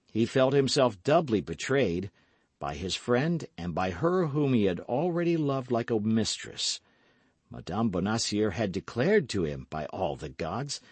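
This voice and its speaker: A male audiobook narrator telling a classic novel with dramatic expression, his pitch rising and falling freely. The recording is dry and close, with no room sound. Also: a little mellow, no room sound.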